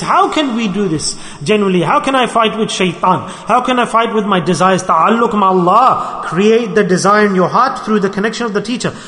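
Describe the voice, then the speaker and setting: A man's voice: high-pitched, fairly bright tone. A man preaching a sermon in a large mosque, emphatic and storytelling, with many rhetorical questions. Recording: echoey hall reverb.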